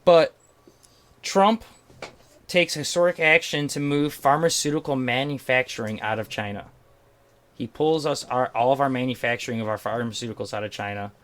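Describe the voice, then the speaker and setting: A man's voice: mid-range voice, normal speed, a bit bright. A man hosting a casual podcast, joking and rambling while reading out news headlines. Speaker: podcast host. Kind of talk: casual chat.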